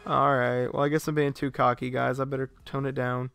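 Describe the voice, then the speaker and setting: A young man streaming a game live, giving excitable commentary full of profane trash talk. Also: mid-range voice, a little fast, vocal fry, clear, resonant tone, soft background music.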